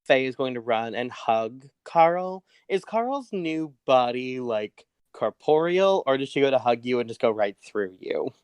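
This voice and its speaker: A man's voice: medium pitch, expressive, measured pace, few pauses, smooth, no room sound. A man narrating his moves in a tabletop game, in a loose storytelling way with many fillers. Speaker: player.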